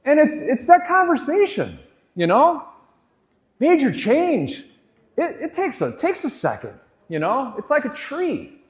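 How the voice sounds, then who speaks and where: This time his pitch is very high and swings hugely, and he speaks unhurriedly. The man in his forties is still on stage, swearing, pumping up the crowd and leading shouted chants in a live call-and-response talk, recorded in an echoey hall with a faint audience.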